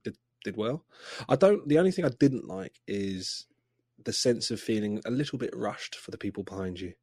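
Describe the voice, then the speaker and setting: A man's voice: lowish voice, expressive, moderate pace, a little mellow, husky, no room sound. Rambling man, dry close sound. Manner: rambling, hesitant with many ums. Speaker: podcast co-host. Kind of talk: casual chat.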